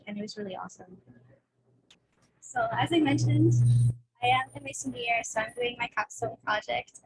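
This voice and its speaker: A young woman on a video call, a student panelist speaking candidly in a rushed, nervous way. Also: a little high, a little hiss or hum, poor audio. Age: young adult. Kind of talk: casual panel talk.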